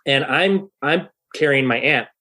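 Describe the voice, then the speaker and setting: A thirty-year-old man telling a story in a casual podcast interview, animated and profane, loudly acting out the people he quotes. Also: medium pitch, a little slow. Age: 30s. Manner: animated, swearing, acts out quoted voices loudly. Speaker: guest musician.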